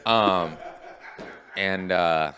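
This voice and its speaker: A stand-up comedian tells a story during a casual podcast chat, acting out quotes in an animated, profane way. His voice is low-pitched and he speaks very slowly.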